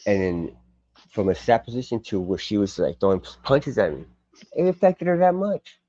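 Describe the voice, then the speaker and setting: A man's voice: fairly low pitch, sing-song, normal speed, warm tone, no echo, lo-fi sound. An older American man in a rambling, profane casual chat on a live stream, often stopping and restarting. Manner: rambling, profane, self-interrupting.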